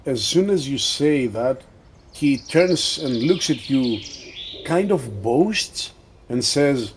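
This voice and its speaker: A man narrating a tabletop role-playing game as game master, in a slow, deliberate storytelling manner. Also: mid-range voice, animated, slight background noise.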